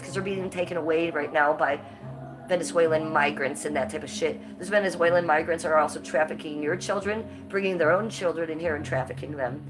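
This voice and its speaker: Congested, low-voiced woman livestreaming. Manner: blunt, profane and rambling. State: congested and coughing. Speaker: livestream host. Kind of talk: casual livestream chat.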